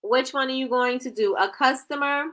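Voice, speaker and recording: Woman host, bright tone, sassy and playful, reading chat comments live. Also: sits high, normal speed. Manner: animated, laughing, playful sass. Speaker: livestream host.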